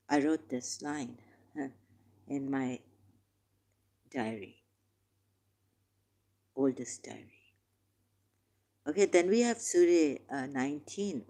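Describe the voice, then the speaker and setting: A woman reading scripture aloud and commenting on it with passion, slowing down for the verses and pausing with hesitations. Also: low voice, dark tone. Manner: impassioned, reads verses slowly with hesitations. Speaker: religious commentator.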